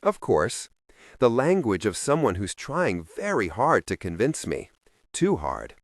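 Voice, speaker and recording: Male audiobook narrator, low voice with lively inflection, measured and introspective, dry close sound. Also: no echo. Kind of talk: first-person audiobook narration.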